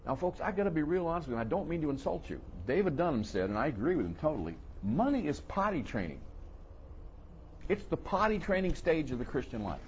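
Animated preacher man with lively pitch. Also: quick pace, dull audio, slight background noise. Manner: animated, voices the questioners in a high mocking tone. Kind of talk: sermon.

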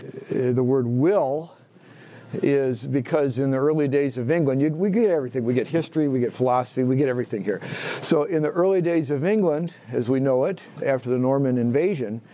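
A man's voice: mid-range voice, fairly quick, mellow. A man teaching a Bible class in a conversational way, asking the class questions, echoing their answers and restarting phrases as he thinks aloud.

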